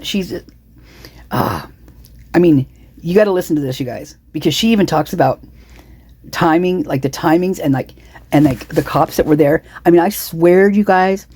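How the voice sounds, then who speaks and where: A woman's voice: on the low side, warm tone, slightly rough. A woman with the hiccups giving casual true-crime commentary, indignant and rambling, full of restarts and repeated words. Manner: indignant, repetitive, many restarts and asides. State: has the hiccups.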